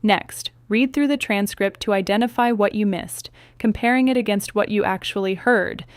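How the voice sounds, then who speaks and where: Smooth, dry-voiced woman teaching English. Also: medium pitch, no echo. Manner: even, measured instructional reading. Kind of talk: scripted narration.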